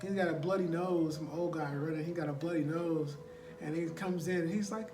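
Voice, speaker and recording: A man's voice: a little high, brisk. A man casually retelling a movie plot, rambling and filling gaps with "like" and "you know.". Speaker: storyteller. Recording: roomy echo, distant mic, faint ambience.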